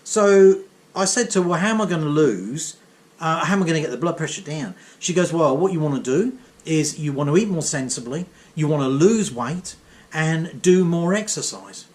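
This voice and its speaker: A middle-aged man spins a comic story in a casual monologue, wry and chatty, tossing in asides as he goes. His voice sits a bit high for a man and swings widely up and down. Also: animated, moderate pace, darkish tone. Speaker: vlogger.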